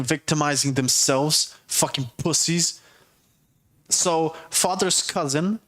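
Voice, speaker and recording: A man's voice: on the high side, fairly bright tone. A man telling a story on a livestream, heated and profane, rambling with restarts. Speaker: livestreamer and tattoo artist.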